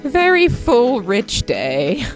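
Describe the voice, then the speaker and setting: A woman's voice: a little high, wildly swooping pitch, drawn-out words, soft background music. A woman hosting a gaming video, chatting casually and animatedly while she plays, laughing often as she tells a story. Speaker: gaming channel host. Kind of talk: casual chat while playing a game.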